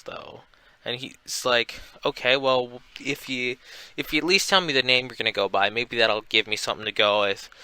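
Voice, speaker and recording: A man's voice: medium pitch, sharp tone, clear, resonant tone, dry recording, rough recording. A young man casually recapping a comic book, paraphrasing the characters' lines in a loose, filler-heavy way. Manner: retells scenes with loose quoted dialogue, many fillers.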